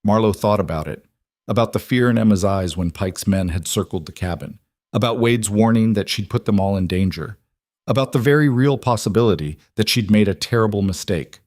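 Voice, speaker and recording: Brief: male audiobook narrator, lowish voice, steady storytelling, dry close sound. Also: a little fast, dry recording.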